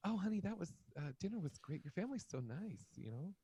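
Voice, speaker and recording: A man's voice: high-pitched, big pitch swings, breathy edge, dry recording, muffled recording, pitched above the performer's own voice, full character voice. Man putting on a sheepish girlfriend. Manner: soft, hurried, making excuses. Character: jittery young woman girlfriend, secretly using coke.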